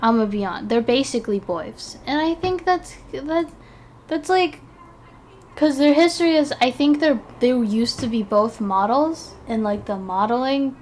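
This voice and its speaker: A young woman streaming, chatting casually in an excitable, rambling way, sleepy and yawning between thoughts. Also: high voice, moderate pace, slight background noise. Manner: excitable, rambling, giggly, with restarts. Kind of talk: casual chat while ranking game characters.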